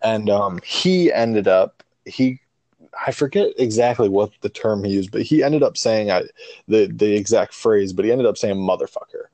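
A man's voice: fairly low pitch, animated, normal speed, dark tone, dry recording. A man co-hosting a casual podcast, telling rambling, profane stories about being a dad with many restarts. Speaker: podcast co-host; father.

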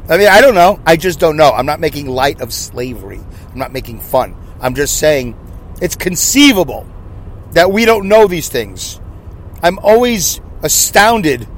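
Older New York guy hosting his own podcast; digressive, self-mocking, pitched a bit high. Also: slight background noise. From Brooklyn, New York. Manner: jokey, self-deprecating, digressive. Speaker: podcast host. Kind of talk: rambling solo podcast monologue.

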